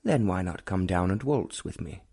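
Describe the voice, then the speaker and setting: Man playing a charming, mischievous young gentleman. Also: deep voice, lively intonation, normal speed, creaky, breathy edge, full character voice. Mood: playful.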